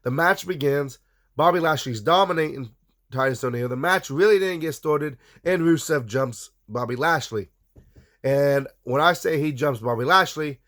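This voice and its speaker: A man's voice: medium pitch, a bit bright. A man hosting a casual wrestling recap, giving blunt opinions and talking straight to his viewers. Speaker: wrestling show recap host.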